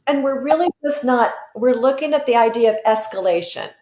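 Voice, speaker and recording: A woman's voice: on the high side, brisk, darkish tone, echoey room. A woman guest expert in an interview, explaining earnestly with examples.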